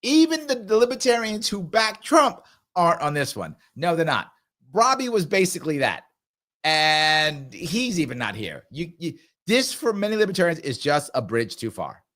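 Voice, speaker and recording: An emphatic middle-aged man from New York hosts a live political talk show and repeats his points for effect. His voice sits a little high and swings widely in pitch. He sounds sure of himself on every line. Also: very animated, normal speed, fairly bright tone.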